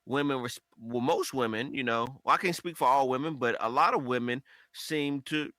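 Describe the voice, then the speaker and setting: A man co-hosting a casual podcast chat, talking in an animated way and acting out quoted conversations. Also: mid-range voice, moderate pace, no echo. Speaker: podcast co-host.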